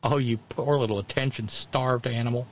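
A man's voice: medium pitch, steady tone, normal speed, dull audio, slight background noise. Sarcastic mocking male podcast host. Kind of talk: casual commentary chat.

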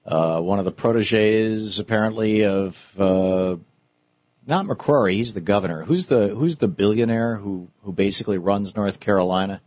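A man hosting a political talk radio show, speaking in an animated, sarcastic way that climbs into outrage. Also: on the low side, moderate pace, no echo, muffled recording. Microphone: studio microphone.

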